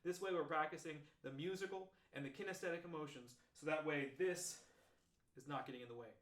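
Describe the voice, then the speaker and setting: A man walks through trombone practice methods in a relaxed, explanatory teaching tone. His voice sits on the higher side for a man. The room gives it a noticeable echo. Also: fairly quick. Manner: relaxed, explanatory, talks through examples step by step. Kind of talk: demonstrating practice techniques. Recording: roomy echo.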